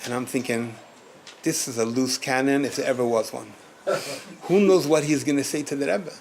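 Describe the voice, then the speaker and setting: Gravelly-voiced rabbi telling a lively story. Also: male voice, mid-range voice, normal speed, a little hiss or hum. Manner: animated, laughing storyteller, repeats words and restarts. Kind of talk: storytelling at a gathering. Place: community gathering room.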